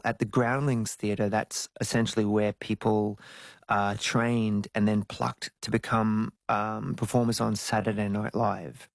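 A man, telling stories as an interview guest, jumping into high squeaky tones when he jokes. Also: vocal fry, no echo. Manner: animated storytelling, jumps to high squeals when joking. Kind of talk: casual interview chat.

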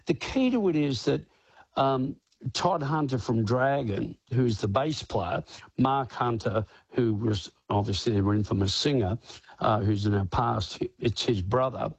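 An older man rambles through his stories in a radio interview, peppering them with "you know" and slipping into quoted voices. His tone is husky. The sound is close and dry, with no room around it. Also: medium pitch, unhurried, no room sound, rough recording. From Australia. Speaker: guest musician.

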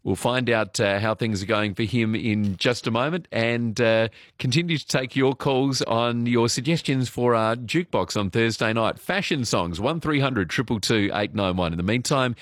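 An Australian man presenting an evening radio show in a relaxed, chatty way, with frequent "uh" fillers, on a studio microphone. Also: mid-range voice, moderate pace, few pauses, dry recording. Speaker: radio host.

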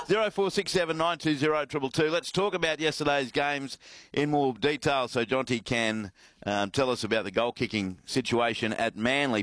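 A man's voice: medium pitch, moderate pace, a bit bright, no echo. A man hosting a sports radio show, bantering and teasing his co-hosts.

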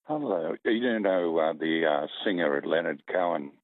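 A man's voice: sits low, expressive, normal speed, no echo, narrow, tinny audio. A man calling in to a radio quiz, hesitant and self-deprecating, laughing along. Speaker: caller. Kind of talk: talkback phone call.

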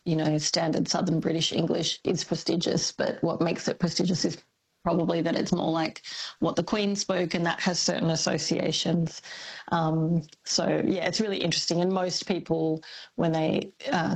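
Husky, gravelly woman expert on radio. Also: on the low side, rough recording. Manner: thoughtful, measured, with fillers and laughs. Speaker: accent and language expert guest. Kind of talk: radio interview.

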